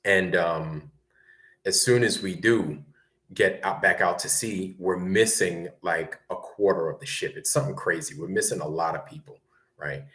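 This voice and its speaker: A man, telling a long story in a rambling, conversational way and often tagging his sentences with a quick question. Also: deep voice, fairly bright tone. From Brooklyn, New York. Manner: rambling, conversational, keeps asking "right?". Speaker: guest recounting military service. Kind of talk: casual storytelling.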